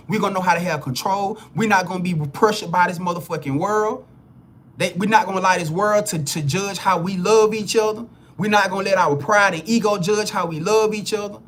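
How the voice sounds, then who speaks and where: A man's voice: high-pitched, fairly bright tone. A man giving a live spiritual reading to viewers, blunt and preachy, swearing freely and repeating himself as he builds emphasis. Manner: repeats words and restarts phrases when heated. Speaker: spiritual reader.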